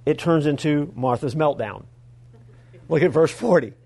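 A male pastor preaching a sermon, retelling a story in an animated way with humorous asides to the congregation. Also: fairly high pitch, normal speed, creaky.

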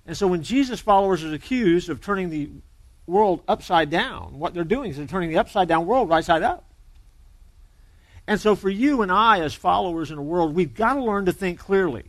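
A man's voice: high-pitched, no room sound. A man preaching a sermon as pastor, conversational and joking as he tells a story.

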